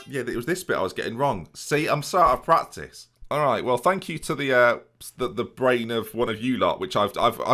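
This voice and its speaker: Casual male gaming YouTuber, lowish voice, self-deprecating running commentary to viewers. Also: fairly bright tone. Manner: self-mocking, chatty, addresses viewers. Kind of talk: commentating a football management game.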